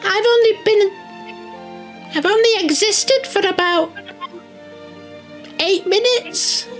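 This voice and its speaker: A woman's voice: extremely high pitch, slow, soft background music, voice pushed up, heavily acted. A woman voicing a tiny newborn soot sprite, sweet, polite and bewildered.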